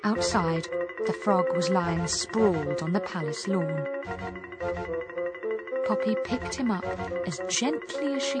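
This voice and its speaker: A woman reading a fairy tale aloud, slow and expressive, over background music. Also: on the low side. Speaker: storyteller. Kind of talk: storybook reading. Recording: music playing behind.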